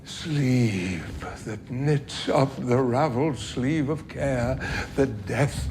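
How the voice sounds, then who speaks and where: A shaken murderous nobleman, unhurried overall, haunted tone, noisy background. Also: medium pitch. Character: Macbeth, shaken Scottish nobleman fresh from murder. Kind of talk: stage drama performance. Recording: noisy film audio.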